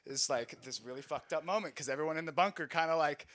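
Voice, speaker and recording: A man's voice: a little high, quick pace, few pauses, fairly bright tone. A man, an Army veteran, telling rambling, profane war stories in a casual comedy set and laughing at himself as he goes. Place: small recording studio space.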